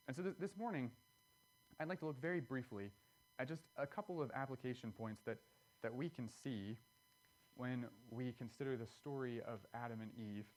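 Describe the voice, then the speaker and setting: A man's voice: medium pitch, a little mellow. A man preaching a sermon, earnest and explanatory, pressing key words with emphatic rises.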